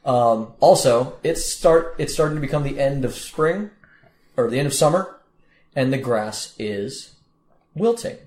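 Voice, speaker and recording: A man's voice: mid-range voice, animated, measured pace, darkish tone. A man narrating a tabletop game as game master, in loose, rambling description full of restarts. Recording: echoey room with faint noise.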